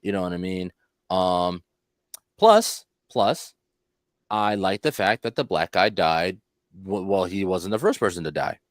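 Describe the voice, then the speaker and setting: A man's voice: low-pitched, a little slow, no room sound, clean studio sound. Rambling, cursing male podcast host. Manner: rambling, animated, profane, repeats himself. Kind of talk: casual film discussion.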